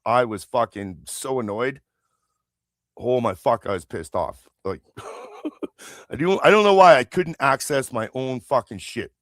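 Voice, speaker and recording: A man's voice: medium pitch, expressive, a little slow, dry recording, studio quality. A man hosting a live stream, delivering an angry, heavily profane political rant into a streaming mic. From Canada. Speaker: livestream host.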